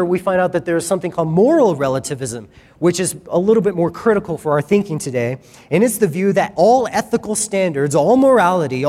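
A man preaching a sermon in a conversational, animated way, acting out quoted voices. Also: a little high. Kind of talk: sermon teaching. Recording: reverberant hall.

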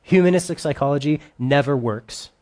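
Man preaching, middle-aged, fairly high-pitched, dramatic scripture reading, animated sermon. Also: moderate pace. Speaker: pastor.

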